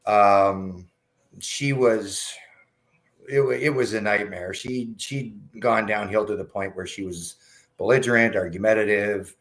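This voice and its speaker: A middle-aged man, a radio show guest, telling a personal story in a blunt, candid way, swearing freely. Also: measured pace. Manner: candid and blunt, swears, acts out dialogue with rising pitch. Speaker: guest, cannabis patient advocate.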